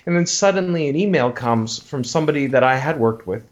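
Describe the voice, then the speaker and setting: A man's voice: mid-range voice, lively intonation, a little fast. Rambling man telling a story, dull recording. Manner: rambling, many restarts, acts out quoted voices. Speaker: interview guest. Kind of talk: casual interview chat.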